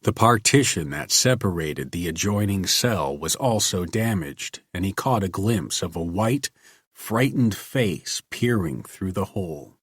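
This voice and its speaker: A man reads a science fiction story aloud in a measured, deliberate way. His voice is low and husky, and he takes his time. The recording is dry and close. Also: lively intonation, fairly bright tone, dry recording. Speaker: narrator.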